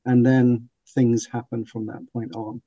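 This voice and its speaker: An enthusiastic man chatting about a book he loves, with a dark, mellow tone. His voice is dry and close to the mic. The audio sounds slightly dull and lo-fi. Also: medium pitch, little pitch movement, measured pace, dry recording. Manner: enthusiastic, laughs often. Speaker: podcast host and book reviewer. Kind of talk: casual book discussion.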